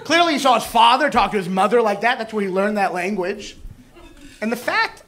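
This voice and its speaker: A young man doing a stand-up comedy set on a club stage, animated and mock-indignant, jumping into quick character bits. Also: sits high. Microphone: handheld stage mic. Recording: live club recording with crowd noise. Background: audience laughter.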